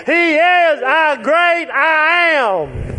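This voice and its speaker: High-voiced, slow-preaching man. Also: big pitch swings. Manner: emphatic, repetitive preaching with drawn-out phrases; occasional shouts and chuckles. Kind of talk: sermon.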